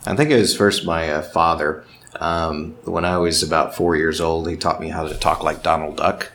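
Very deep-voiced man, easygoing voice actor. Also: fairly even intonation, normal speed, a bit bright. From Texas. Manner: self-deprecating, slips into voice impressions. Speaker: voice actor and director. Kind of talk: relaxed interview chat.

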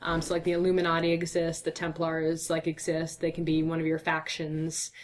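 A woman's voice: sits low, completely flat delivery, brisk, a little hiss or hum. A young woman answering interview questions in a chatty, upbeat way with lots of fillers, her voice tired and a bit slurred from talking all day. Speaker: guest.

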